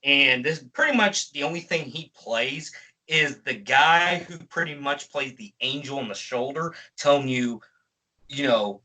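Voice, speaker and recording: Animated, bright-voiced ranting man. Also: mid-range voice, measured pace, poor audio. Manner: profane, exasperated ranting. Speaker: film reviewer. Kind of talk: ranting movie review.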